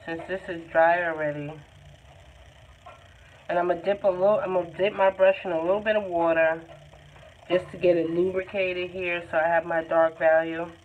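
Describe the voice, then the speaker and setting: A woman's voice: on the low side, little pitch movement, normal speed, long pauses. A woman giving a live painting lesson in a chatty, encouraging and informal way. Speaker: art tutor. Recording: tinny phone-like sound, faint noise.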